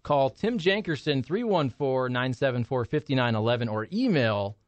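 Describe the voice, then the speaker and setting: A man's voice: mid-range voice, animated, normal speed, no echo. Breezy male radio co-host reading an ad. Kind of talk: sponsor live read.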